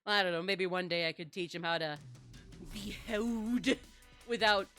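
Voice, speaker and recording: A woman's voice: fairly low pitch, measured pace, bright, forceful tone, soft background music. A woman streaming a video game in casual, playful chat, who slips into baby talk when she talks to her dog.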